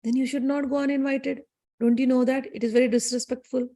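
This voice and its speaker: A woman voicing a divine husband who gently warns and then soothes his angry wife. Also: high-pitched, little pitch movement, fast talker. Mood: cautioning. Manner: gently cautioning.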